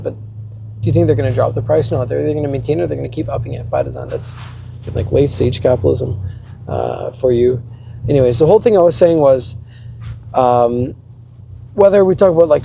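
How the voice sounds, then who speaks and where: A man's voice: a little high, vocal fry, background noise. A young man in a rambling, profane rant, often restarting. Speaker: vlogger. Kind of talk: ranting monologue.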